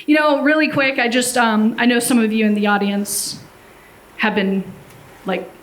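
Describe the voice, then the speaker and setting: A woman's voice: a little high, steady tone, moderate pace, rough recording. A stand-up comedian, a woman from Chicago, talking hesitantly with lots of ums during a live set.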